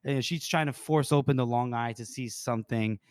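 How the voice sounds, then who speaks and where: A man's voice: mid-range voice, normal speed, smooth, no room sound, studio quality. A man co-hosting a podcast, casually retelling a book scene, laughing often and swearing freely. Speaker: podcast co-host.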